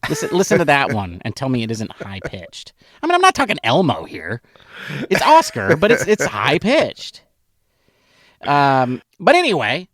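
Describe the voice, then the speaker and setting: A man's voice: a little high, wildly swooping pitch, moderate pace, fairly bright tone, no room sound, clean studio sound. A middle-aged man co-hosting a casual sports podcast, wry and playfully skeptical. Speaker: podcast co-host.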